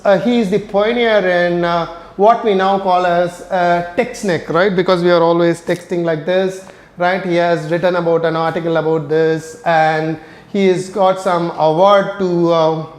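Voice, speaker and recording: A man's voice: sits high, level tone, measured pace. A middle-aged man telling a casual story with many ums and uhs, often ending with "right?". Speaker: host of a neurorehabilitation channel. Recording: echoey room.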